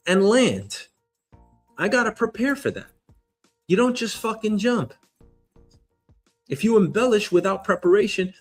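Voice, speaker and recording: A man hosting a show, giving an energetic motivational monologue, emphatic and casually swearing. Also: sits high, husky. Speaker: show host.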